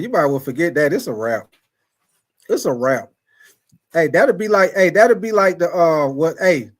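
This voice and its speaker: On his sports talk livestream, this man with a fairly high voice reads super chats and talks casually to chat, addressing people by name. His delivery is animated and repetitive, flipping from excited outbursts to slow, low asides, with frequent laughter.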